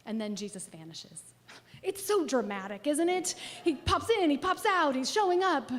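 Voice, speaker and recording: A woman pastor preaching a sermon, telling a personal story expressively and dropping at times to a soft near-whisper. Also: sits high. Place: church sanctuary. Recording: long church hall reverb.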